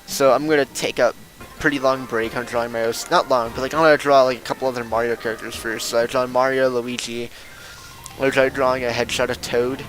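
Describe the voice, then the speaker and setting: A man's voice: mid-range voice, little pitch movement, brisk, fairly bright tone, faint music behind, poor audio. A young man streaming a game, rambling casually and self-deprecating, getting worked up when he rants. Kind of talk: casual gameplay stream chatter.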